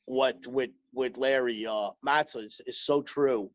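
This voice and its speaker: A man's voice: mid-range voice, steady tone, measured pace, dry recording. Rambling man on a dull, dry line. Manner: rambling, many fillers and restarts. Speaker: podcast guest. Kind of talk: casual chat, storytelling.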